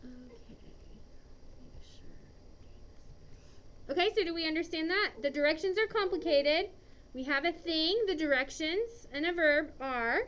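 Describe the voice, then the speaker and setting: A woman's voice: high-pitched, lively intonation, unhurried, long pauses, a bit bright, a little hiss or hum. A woman teaching an English grammar lesson to a class, chatty and often checking in with "okay". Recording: dull lo-fi classroom recording.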